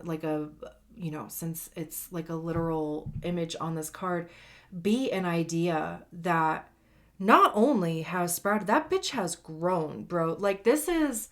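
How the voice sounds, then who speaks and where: A woman giving a casual, slangy tarot reading, chatty and laughing often. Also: fairly low pitch. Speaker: tarot reader.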